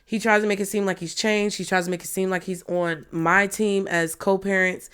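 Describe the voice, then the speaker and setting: A woman's voice: medium pitch, little pitch movement, normal speed, a bit bright, clean tone. A woman in her thirties, a tarot reader, talking frankly and bluntly to her viewers, swearing freely. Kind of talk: candid personal talk to viewers.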